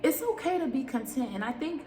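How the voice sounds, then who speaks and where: A woman from Liberia hosting a podcast, talking in a lively, emphatic, playful way in casual chat. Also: high-pitched, fairly quick, slight background noise. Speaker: podcast host. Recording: echoey room.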